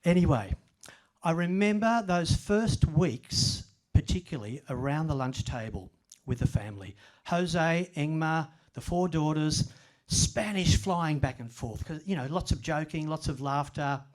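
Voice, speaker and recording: An older man speaks at a library event, spinning humorous stories at his own expense. His voice sits slightly higher than most men's. He keeps an easy storytelling tone. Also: animated, a little slow. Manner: self-deprecating humorous storyteller. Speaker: author giving a talk. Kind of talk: storytelling presentation.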